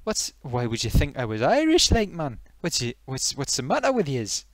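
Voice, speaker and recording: A man's voice: mid-range voice, huge pitch swings, moderate pace, dry recording, studio quality. A man voicing a cocky, touchy male potato from Newcastle with a Geordie accent, co-presenting a comedy puppet stream. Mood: indignant.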